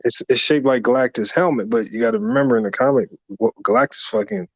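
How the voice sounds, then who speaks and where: A man in a casual podcast chat who explains at length in slangy speech with "um" pauses. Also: mid-range voice, sing-song, vocal fry, no echo. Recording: dull dry lo-fi mic.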